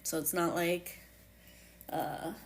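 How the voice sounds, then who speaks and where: Slow, halting woman with a New England accent. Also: on the low side, little pitch movement. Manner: slow and halting, with many fillers and restarts. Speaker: podcast host. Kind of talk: casual personal reflection.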